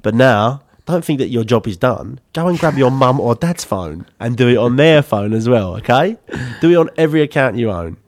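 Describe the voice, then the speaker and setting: A man's voice: medium pitch, lively intonation, moderate pace, few pauses, no room sound. A man, co-hosting a casual podcast chat, swearing freely and laughing often. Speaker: podcast co-host.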